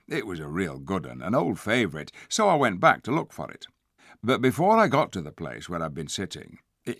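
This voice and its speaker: A man's voice: no echo, clean studio sound. A man reading a fantasy audiobook aloud, shifting his delivery for each character. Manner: lively, shifts pitch and loudness for each character. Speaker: audiobook narrator.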